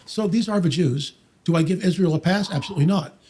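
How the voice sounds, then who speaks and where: A man talking quickly and emphatically about Bible prophecy on a podcast, quoting scripture and mocking skeptics. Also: high-pitched, warm tone, a little hiss or hum. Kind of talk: fast, preachy podcast talk.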